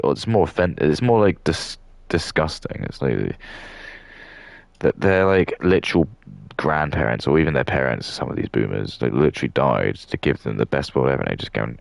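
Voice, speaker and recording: A man's voice: very deep voice, vocal fry, no room sound. A young man with a southern English accent, rambling in a casual monologue full of fillers and restarts. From southern England. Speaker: streamer.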